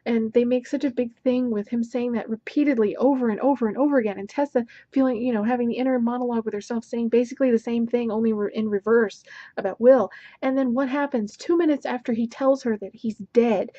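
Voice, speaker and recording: A woman's voice: fairly high pitch, steady tone, a little fast, warm tone, no room sound, dull audio. Exasperated woman ranting about a book. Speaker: book vlogger. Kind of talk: casual book review rant.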